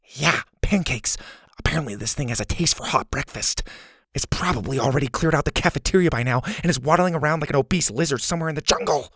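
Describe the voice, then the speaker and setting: Nervous kid boy, quick raised voice, dry close mic; male narrator voicing. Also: fairly high pitch, a bit bright, no echo, voice pushed up. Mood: flustered. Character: nervous young camp boy, dino nerd.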